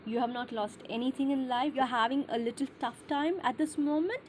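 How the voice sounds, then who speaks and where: A woman's voice: high voice, a little fast, slight background noise. A woman giving short intuitive tarot messages to each zodiac sign, talking straight to the listener in a reassuring way with simple, slightly non-native phrasing. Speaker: tarot reader.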